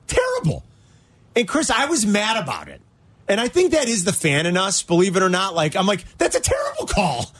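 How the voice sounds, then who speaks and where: A man hosting sports talk radio with a lively, swooping voice that climbs a little high. He rants and raves like a worked-up fan, quick to get livid over a bad call. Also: dry recording. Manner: animated, ranting sports fan.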